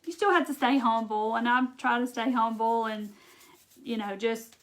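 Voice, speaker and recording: A woman's voice: a little high, moderate pace, a bit bright. A woman from Mississippi with a Southern accent, chatting casually through a live craft demo and answering viewer comments. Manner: chatty, reads viewer comments aloud, says y'all. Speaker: craft livestream host.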